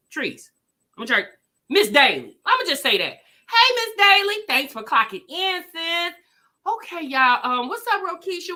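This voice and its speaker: Woman livestream host, high and sharp-toned, chatty and sassy. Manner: chatty, greets viewers by name, sassy asides. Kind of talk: casual livestream commentary.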